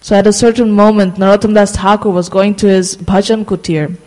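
A casual storyteller recounting a sacred tale, pausing on fillers and stretching out key phrases. The voice sits at a middling pitch. A long reverb trails behind every word. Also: level tone, darkish tone. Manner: halting, many fillers and restarts, slows for emphasis.

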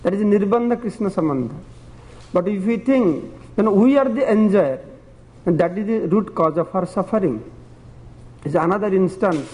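A man's voice: high-pitched, lively intonation, moderate pace, a little mellow, big-room sound, low-quality recording. A man preaching a devotional sermon and telling parables in simple, broken phrasing, chuckling at his own stories.

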